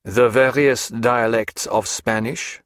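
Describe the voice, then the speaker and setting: A stern army major , as a male narrator puts him on, presses his questions in a cold, formal, measured voice. The reading is dry and close to the mic. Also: lowish voice, lively intonation, no room sound. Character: stern interrogating army major, middle-aged man.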